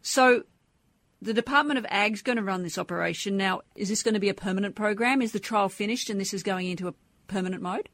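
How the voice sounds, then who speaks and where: A woman's voice: mid-range voice, quick pace, a bit bright, dry recording. A woman radio host, asking probing, conversational questions. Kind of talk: radio interview.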